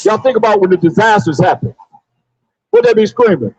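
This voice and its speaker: A man preaching loudly outdoors on a city sidewalk, calling out verses for a reader to read. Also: high voice, huge pitch swings, fairly quick, breathy edge, no room sound, dull audio. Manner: loud, preachy, calls on a reader and repeats the verses. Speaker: street preacher. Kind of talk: open-air street preaching.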